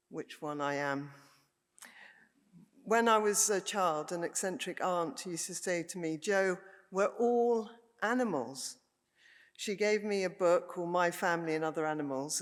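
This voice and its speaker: Reflective woman speaking in an echoey hall. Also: fairly low pitch. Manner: thoughtful and reflective, unhurried. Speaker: landscape architect, panel speaker. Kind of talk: reflective prepared talk.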